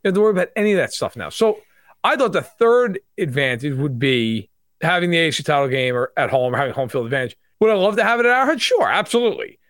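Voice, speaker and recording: Fast-talking New York man, animated. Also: a little high, no echo, clean studio sound. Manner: fast, animated, self-deprecating banter. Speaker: sports analyst guest. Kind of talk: casual sports talk.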